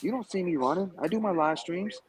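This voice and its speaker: A stream guest in Las Vegas, joining remotely, goes on a heated, profane tirade to provoke a rival. He speaks fairly quickly in a high voice, with background noise audible.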